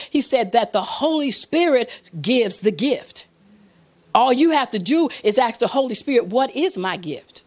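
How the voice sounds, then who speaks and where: A woman preaching a sermon, calling for amens and acting out prayers and God's replies. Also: on the high side. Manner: call-and-response with the audience, asks for amens.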